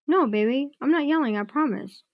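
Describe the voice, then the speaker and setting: A woman's voice: high voice, expressive, fairly quick, dry recording, highs cut off. A woman on a home livestream, ranting angrily and swearing heavily, breaking off to reassure someone beside her. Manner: angry ranting with heavy swearing; reassuring asides to someone off-mic. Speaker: livestream host. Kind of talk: casual livestream chat.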